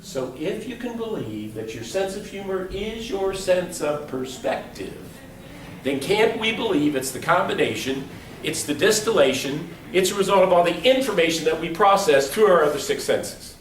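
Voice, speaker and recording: A man's voice: sits high, expressive, moderate pace, a little hiss or hum. A middle-aged man giving a humorous motivational keynote to a live audience, telling playful stories and acting out quotes. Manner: joking, playful storytelling with acted-out quotes. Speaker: motivational speaker. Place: large hall before a live audience. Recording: echoey hall from far off.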